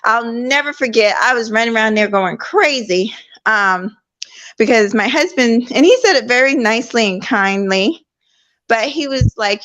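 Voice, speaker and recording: A middle-aged woman talking over a laptop call, earnest and telling a story in a lively way. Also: on the high side, moderate pace. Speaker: guest. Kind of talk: casual conversation. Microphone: laptop online call.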